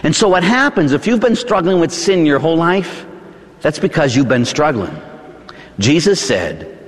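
A middle-aged Catholic priest with a Pittsburgh accent, preaching a sermon in a church in a conversational way, often tagging lines with "huh?" and "right?". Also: male voice, on the high side, very animated, normal speed, in a large hall. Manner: conversational preaching with rhetorical tag questions.

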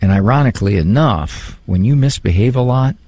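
An animated man talking about parenting with a gravelly, husky edge to his voice. His pitch swings widely as he jumps into playful impressions. The sound is close and dry. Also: a little fast, no room sound. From Italian heritage. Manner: animated, mimics voices for humor. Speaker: psychologist. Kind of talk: casual talk on parenting and faith.

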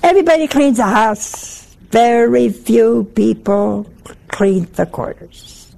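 A woman's voice: on the high side, expressive, takes it slowly, creaky, mellow. A woman giving a conversational sermon, telling folksy, humorous stories. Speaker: religious speaker.

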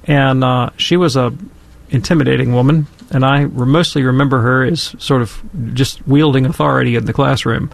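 A man telling a story and giving commentary in a casual, animated, emphatic way. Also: medium pitch, normal speed, gravelly, dry recording. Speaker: guest commentator.

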